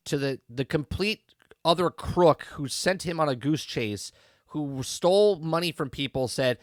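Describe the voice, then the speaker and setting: A man's voice: a little high, a little slow, no room sound, studio quality. A man hosting a podcast, giving a rambling, emphatic and mocking spoken review that keeps checking in with his listeners. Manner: rambling and emphatic, keeps asking "okay?" and "right?"; incredulous, mocking tone. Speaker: podcast host reviewing a TV episode.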